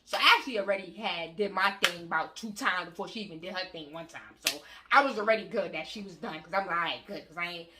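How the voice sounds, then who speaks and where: A young woman vlogger telling a story to camera in a casual, slangy, animated way, acting out the scenes as she goes. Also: on the low side, fast talker, hardly any pauses, noisy background.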